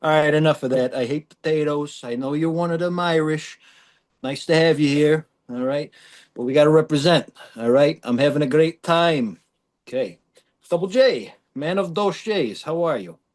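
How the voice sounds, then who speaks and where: A man hosting a comedic podcast, loud and joking with his co-hosts. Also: on the high side, moderate pace. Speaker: podcast host.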